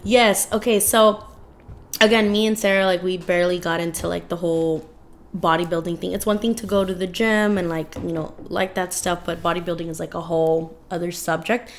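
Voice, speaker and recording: A woman's voice: fairly low pitch, steady tone, a little fast. A young woman co-hosting a podcast in casual chat, talking chattily with lots of fillers. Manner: chatty, many "like"s, emotional retelling. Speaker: podcast co-host.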